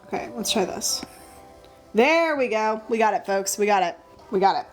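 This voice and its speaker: A woman's voice: medium pitch, lively intonation, moderate pace, soft background music. A woman chatting casually and thinking aloud as she draws on a live stream, with frequent ums. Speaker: digital artist streaming live. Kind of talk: casual live-stream chat while drawing.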